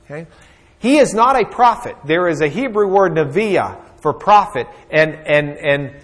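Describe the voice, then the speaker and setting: A man teaches a Bible lesson, retelling the story in a folksy, joking way. His voice sits a bit high, and he often pauses on fillers as he goes. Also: lively intonation.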